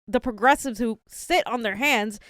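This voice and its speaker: A woman's voice: a little high, normal speed, fairly bright tone, no room sound, clean studio sound. Fired-up woman ranting on a chat show. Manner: fired-up, indignant ranting with frequent restarts. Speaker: co-host. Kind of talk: casual political chat show.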